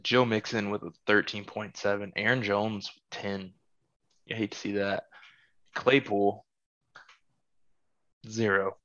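A man's voice: on the low side, level tone, takes it slowly, long pauses, fairly bright tone, dry recording, dull audio. A man hosting a casual podcast, reading off fantasy football scores and teasing his friends. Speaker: podcast host.

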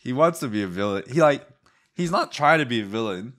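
A man co-hosting a podcast, chatting casually about basketball, relaxed and often laughing. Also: medium pitch, brisk. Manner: relaxed, laughing, acts out quotes. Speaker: podcast co-host. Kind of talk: casual sports chat.

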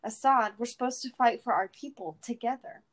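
A woman's voice: fairly high pitch, moderate pace, pitched above the performer's own voice, natural voice. A woman voicing a blunt, loyal young male desert warrior as she reads a story aloud, in an earnest, mildly heightened tone. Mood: pleading.

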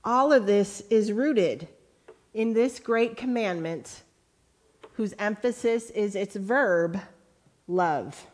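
A woman pastor preaching a sermon, reading scripture slowly and deliberately, then building to emphatic questions to her congregation. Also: medium pitch. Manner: earnest preaching, rising to lively emphatic questions; slow, deliberate quoting of scripture.

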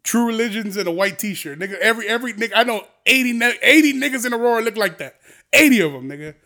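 A man's voice: high voice, expressive, fast talker. Heated, profane young man ranting. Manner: profane, heated, swings between mutters and shouts. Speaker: podcast host. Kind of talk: ranting podcast monologue.

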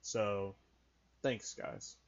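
A man's voice: on the low side, fairly even intonation, very slow. A teenage boy co-hosting a casual podcast, teasing friends and rambling with lots of fillers. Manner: rambling, many "like"s, playful teasing. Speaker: podcast co-host asking questions. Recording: dull lo-fi mic.

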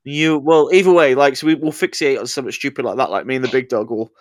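A man's voice: medium pitch, quick pace, dry recording, clean studio sound. A young man co-hosting a podcast, chatting casually in a rambling, sweary, jokey way. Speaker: podcast co-host. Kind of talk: casual chat.

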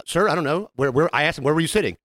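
A man with a fairly high voice talks fast and keeps his stories lively, slipping into the voices of the people he describes. The sound is close and dry, with no room around it. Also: no echo. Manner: animated, acts out customer quotes, swears freely. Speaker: podcast co-host. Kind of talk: casual chat, storytelling.

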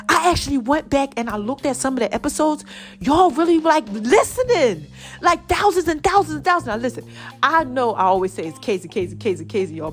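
Woman podcast host, slightly high voice, chatty and familiar, soft music underneath. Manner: chatty, addresses listeners as y'all and baby. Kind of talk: casual solo podcast talk.

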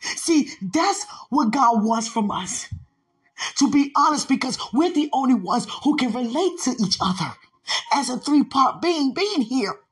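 A woman's voice: high voice, animated, a little slow, breathy edge. A woman preaching a sermon, repeating phrases and building into impassioned pleading. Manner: repetitive, rising into impassioned pleading.

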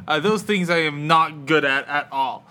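A young man hosting a casual podcast, rambling with many fillers and restarts, on painkillers after wisdom teeth removal. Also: on the high side. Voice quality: bright, halting delivery with many fillers. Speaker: podcast host.

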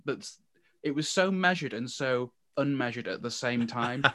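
A man on a casual football podcast, mid-pitched, telling stories with animated energy. He often restarts his sentences as he goes. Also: a little slow. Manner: animated storyteller, stumbles over restarts. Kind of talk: casual chat about football.

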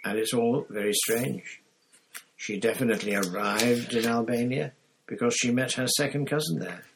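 A man voicing a jittery, ingratiating middle-aged wizard official who keeps lowering his voice to confide, in an audiobook reading. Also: fairly even intonation, moderate pace, gravelly, noisy background, natural voice. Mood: coaxing.

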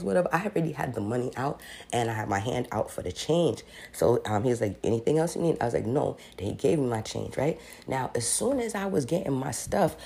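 Low-voiced woman, gravelly, lively storytelling, acts out the people she quotes, emphatic. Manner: emphatic and insistent, repeats her points. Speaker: vlogger telling a personal story. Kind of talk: casual storytelling.

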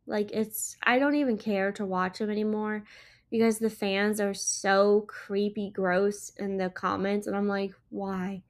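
A woman's voice: mid-range voice, flat delivery, a little slow. A young woman hosting a casual solo podcast, chatting in a rambling way with lots of filler words, tired and yawning. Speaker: podcast host and small business owner.

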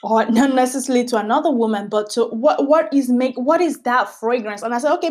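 A woman's voice: fairly high pitch, darkish tone. A woman hosting a Bible study podcast, reading scripture aloud and teaching in a casual, earnest way, often repeating phrases for emphasis.

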